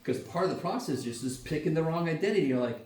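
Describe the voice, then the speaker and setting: A man's voice: fairly high pitch, lively intonation, fast talker, a little mellow, a little hiss or hum. A man teaching a university math class, casual and joking, swearing freely as he explains. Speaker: math lecturer. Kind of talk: classroom lecture. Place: lecture classroom. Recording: echoey classroom from far off.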